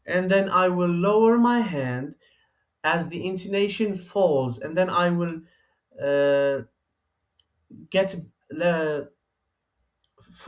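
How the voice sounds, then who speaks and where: Hesitant man. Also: fairly high pitch. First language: Arabic. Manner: hesitant, many fillers and restarts. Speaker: teacher. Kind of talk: explaining a lesson plan.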